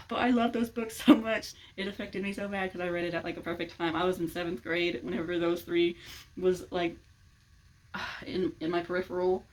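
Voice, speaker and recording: A woman's voice: lowish voice, fairly even intonation, fast talker, low-quality recording. A young woman in casual chat to the camera, giggling often as she rambles and gushes. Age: young adult. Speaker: vlogger.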